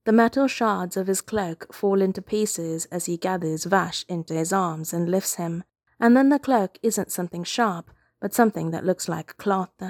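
Low-voiced woman narrating a story. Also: dry recording, clean studio sound. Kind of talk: reading fan fiction aloud.

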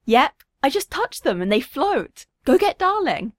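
A woman voicing a gleeful little girl of four and a half, high and excited, in a storybook reading. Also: a little slow, no echo, clean studio sound. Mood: giddy.

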